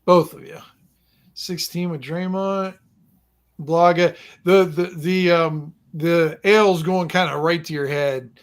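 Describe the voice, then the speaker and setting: A man narrating a tabletop game as game master, rambling and halting with lots of fillers. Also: on the high side, fairly even intonation.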